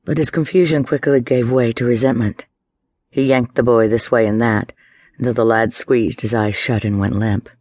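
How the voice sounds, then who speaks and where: A man giving a measured, dramatic scripted narration of a story. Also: medium pitch, fairly even intonation, a little mellow, no room sound, studio quality. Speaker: audiobook narrator.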